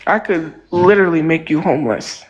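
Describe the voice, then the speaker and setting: A woman's voice: low-pitched, brisk, breathy edge, highs cut off. A woman talking on a phone livestream in an emotional, rambling way, leaning on "like" a lot. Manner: emotional, rambling, heavy use of "like". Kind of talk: casual livestream monologue.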